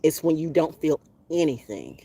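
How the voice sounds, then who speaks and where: Animated, husky, profane woman storyteller. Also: low-pitched, normal speed. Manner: profane, animated, laughs often. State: coughing from allergies. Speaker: vlogger. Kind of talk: casual storytelling monologue.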